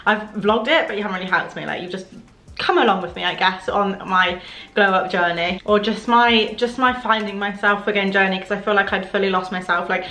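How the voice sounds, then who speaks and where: A woman's voice: mid-range voice, a bit bright. A young woman, chatting casually and self-mockingly as she gets ready on camera. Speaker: beauty vlogger. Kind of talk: casual vlog chat. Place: home bedroom at a mirror. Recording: echoey room.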